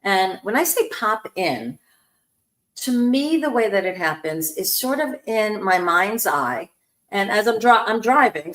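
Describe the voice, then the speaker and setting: A woman hosting a spiritual talk show, telling a story warmly and acting out the voices in it. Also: medium pitch, echoey room. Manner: animated storyteller, acts out quoted voices. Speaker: host, spiritual medium.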